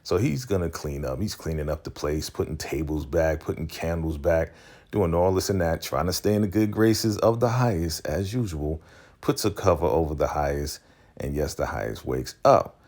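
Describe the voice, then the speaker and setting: A man recapping a TV episode in a casual, slangy, chatty way, often acting out the characters' lines in quick quoted voices. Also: a bass voice, a little mellow. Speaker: TV recap host.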